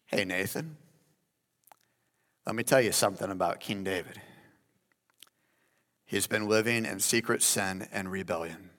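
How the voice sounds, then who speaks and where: God giving a prophet a plain, direct order, as a preacher puts it in his own voice. The words come brisk and low-key. A long hall reverb follows them. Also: fairly bright tone. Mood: commanding. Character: God speaking to a prophet, commanding.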